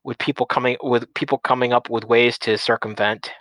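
Casual male talker, mid pitch, stumbling restarts, very dry booth-like sound. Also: steady tone, a little fast, fairly bright tone, no room sound, poor audio. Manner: rambling, many restarts and repeated words. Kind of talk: casual chat.

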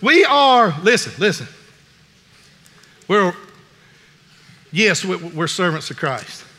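A man's voice: high-pitched, very animated, slow, pushed and bright. A man preaching a sermon in an earnest, folksy way, often restarting his sentences. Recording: long reverb in a large hall.

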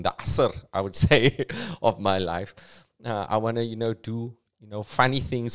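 A man in his forties with a Cape Town South African accent, talking solo on his comedy podcast. His voice sits a little low, and he keeps it playful with sudden leaps up in pitch for emphasis. Between jokes he drops into a quieter, thoughtful tone.

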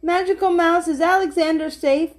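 A woman's voice: high voice, lively intonation, moderate pace, mellow. A woman voicing a kindly, worried old lady in a storybook read aloud, with a fretful, anxious manner. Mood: hushed.

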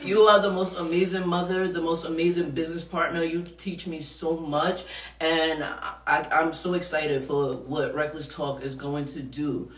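A woman's voice: low voice, level tone, moderate pace, reverberant, recorded from a distance. A woman hosting a podcast in a studio, talking casually and frankly, laughing often and swearing freely. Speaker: podcast host.

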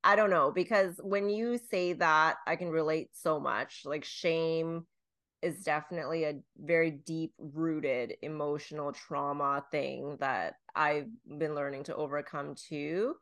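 Woman podcast co-host, lower register, candid and self-mocking, casual swearing. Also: steady tone, a little slow, a bit bright. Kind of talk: casual chat.

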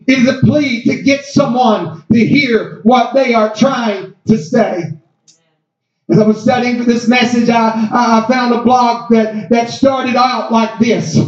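A male pastor preaching and leading a fervent prayer in a church, repeating "God" between his rebukes. His voice sits high. The sound is echoey and muffled. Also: fairly even intonation, unhurried, soft background music. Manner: fervent, repetitive, calls out "God". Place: church sanctuary.

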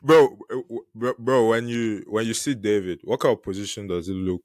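A man's voice: on the low side, moderate pace, darkish tone, dry recording. A young man co-hosting a podcast, chatting casually in slang and laughing easily. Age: young adult. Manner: laughing, slangy, says "bro". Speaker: podcast co-host.

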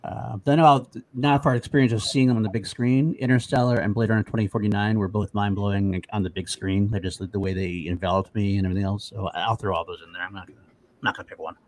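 A man with a lowish voice hosts a casual group chat. He talks in a relaxed way and lists his picks freely. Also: quick pace.

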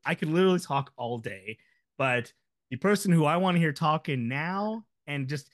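A man's voice: fairly high pitch, lively intonation, moderate pace, a bit bright. A man co-hosting a podcast, bantering in a playful, jokey way. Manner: playful, jokey, mock-conspiratorial. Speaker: podcast co-host. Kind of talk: casual banter.

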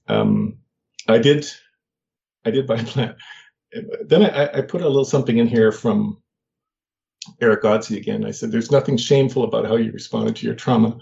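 An older man telling a personal story in a halting way, with many fillers and restarts. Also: mid-range voice, gravelly, a little mellow, muffled recording, a little hiss or hum. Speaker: guest.

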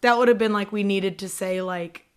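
American woman podcast cohost, joking around, laughs a lot, average pitch. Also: moderate pace, clean tone. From United States. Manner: animated, jokey, laughing. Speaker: podcast co-host. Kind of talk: casual chat.

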